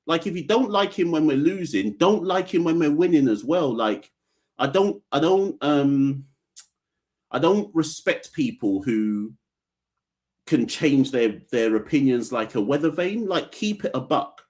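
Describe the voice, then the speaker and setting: A man's voice: fairly high pitch, expressive, unhurried, darkish tone. A man hosting a live cricket podcast stream, reading super chats and giving blunt opinions in slangy, playful talk. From Caribbean. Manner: joking, playful fake fitness-instructor bit. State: out of breath. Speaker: podcast host.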